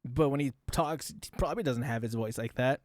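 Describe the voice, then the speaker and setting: A man's voice: medium pitch, brisk, darkish tone, no room sound, studio quality. A man streaming a casual reaction commentary, rambling and talking straight to his chat while demonstrating voice tricks.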